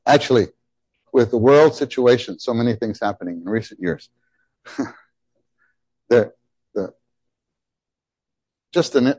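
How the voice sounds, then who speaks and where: A middle-aged man preaching a sermon, animated and emphatic, often repeating his phrases. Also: mid-range voice, normal speed, long pauses, dry recording. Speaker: pastor.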